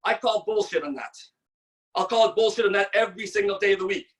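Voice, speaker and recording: A woman's voice: mid-range voice, quick pace. Woman in her 60s, sales trainer, emphatic and blunt, motivational talk, slightly distant from the mic, video call.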